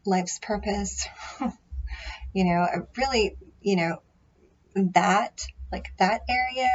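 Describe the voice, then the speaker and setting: A woman's voice: fairly low pitch, darkish tone, lo-fi sound. A woman chatting casually to camera about her tarot readings, rambling and self-deprecating, full of fillers and restarts. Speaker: tarot vlogger. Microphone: built-in microphone array.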